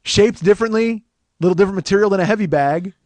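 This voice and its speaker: A man's voice: sits high, fast, darkish tone, no room sound. A man in his forties hosting a comedy podcast, ranting in a rambling, profane, self-mocking monologue. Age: 40s.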